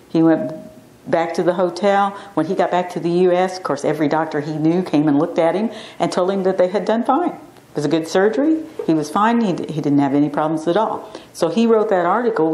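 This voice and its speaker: A woman's voice: fairly low pitch, a little mellow. Chatty woman lecturing in an echoey classroom. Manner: chatty storyteller, acts out quotes animatedly. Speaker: acupuncture physician giving a class talk.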